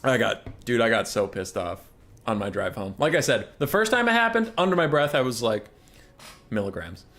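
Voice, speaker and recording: Hosting a game stream as casual live chat, a man with a mid-pitched voice talks loosely and a little fast. He rants and curses, then breaks into loud, exasperated outbursts.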